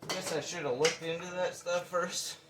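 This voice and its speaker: A man's voice: a little high, fairly even intonation, moderate pace, heavy background noise. A man filming a casual vlog update, out of breath and talking in a folksy, rambling way. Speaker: vlogger.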